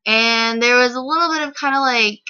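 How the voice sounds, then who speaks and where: A woman vlogger tells a story casually, sounding indignant and rambling, and she says "like" constantly. Her voice is fairly high, a little fast, sharp, clear and resonant. The lo-fi recording sounds slightly dull.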